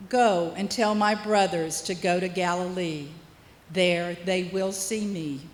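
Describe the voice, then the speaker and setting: A woman reading a scripture passage aloud, slow and careful, in a church service. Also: lowish voice, fairly even intonation, a little hiss or hum. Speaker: scripture reader. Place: church sanctuary. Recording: echoey church with long reverb.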